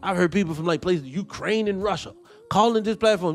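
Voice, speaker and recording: A man's voice: sits high, brisk, faint music behind. A man hosting a commentary show, ranting in a heated, profane, preaching way. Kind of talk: live-stream commentary with viewer shout-outs.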